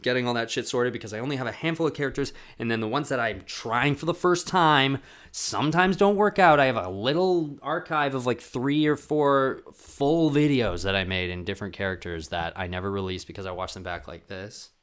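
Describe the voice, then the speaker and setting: A man vlogging to camera, telling a comedic story in a rambling, profane way, full of "like" fillers and acting out other people's voices with big jumps in pitch. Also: brisk, a bit bright.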